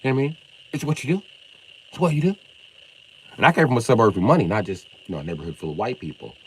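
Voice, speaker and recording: A man's voice: mid-range voice, very fast, breathy edge, poor audio. Confrontational ranting middle-aged man. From Illinois. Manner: confrontational, profane, swings between loud outbursts and mock calm. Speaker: live streamer. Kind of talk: heated live-stream rant.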